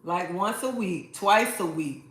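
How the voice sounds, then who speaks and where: This livestream host has a lowish, animated voice and speaks at a slow pace. She talks casually to her viewers, sassy and preachy, often repeating herself, with the sound bouncing around a very echoey room.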